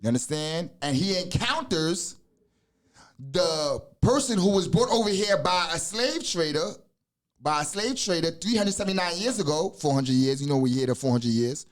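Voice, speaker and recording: This casual podcast is hosted by a man in his forties with an American accent whose voice runs on the high side. He speaks expressively at a moderate pace, loose and profane, with frequent asides and restarts.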